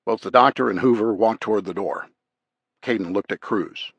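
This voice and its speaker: A man narrating a thriller audiobook in a measured, even way. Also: lowish voice, slightly rough, no room sound, highs cut off. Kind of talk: scripted narration.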